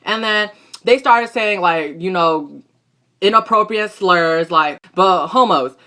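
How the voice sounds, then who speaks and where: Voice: mid-range voice, slow pace, bright, forceful tone. A young adult recapping a soap opera episode in a casual vlog, talking in a gossipy, slangy and profane way. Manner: gossipy, profane and slangy, talks back at the characters.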